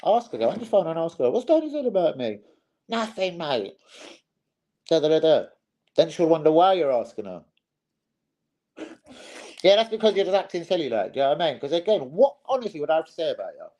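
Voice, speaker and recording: A man's voice: on the high side, big pitch swings, quick pace, dark tone, dull audio. A young man hosting a casual live stream, swearing freely and calling his viewers "bros".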